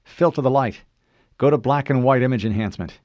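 A man's voice: mid-range voice, fairly quick, a little mellow, no echo, lo-fi sound, pitched above the performer's own voice, natural voice. A man voicing a terse, disciplined soldier. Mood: alert, terse. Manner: terse, level radio calls. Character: disciplined male armored soldier, calm leader. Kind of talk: audiobook character voice.

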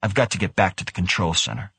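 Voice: deep voice, quick pace, a bit bright, breathy edge, no room sound, heavily acted. A man voicing a tired, worried controller who speaks in a subdued, earnest way.

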